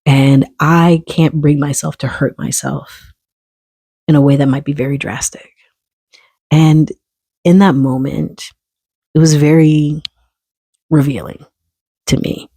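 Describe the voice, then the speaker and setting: A man spins a casual story straight to the camera, swearing freely and loosely animated. His voice sits in a gravelly, husky register with a warm, mellow tone. The sound is dry and close, with no room around it. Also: a little high, takes it slowly, long pauses, no echo. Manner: profane, candid and animated. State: early on testosterone. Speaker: vlogger.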